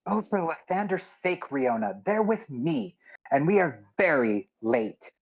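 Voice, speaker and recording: A man's voice: on the low side, fairly even intonation, takes it slowly, no echo, dull audio. A man voicing an exasperated young woman traveler.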